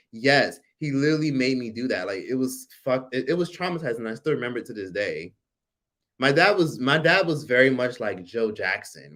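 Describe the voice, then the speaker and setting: A man in his forties hosting a casual livestream, telling a personal story with animated, profane delivery and reading viewer comments aloud. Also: medium pitch. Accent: American. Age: 40s. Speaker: livestream host.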